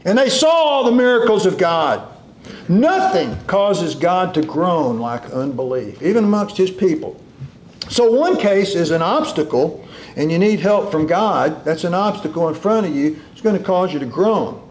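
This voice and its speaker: A man preaching a sermon, drawing out key words slowly and dropping into a low hush for emphasis. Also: expressive, slight background noise.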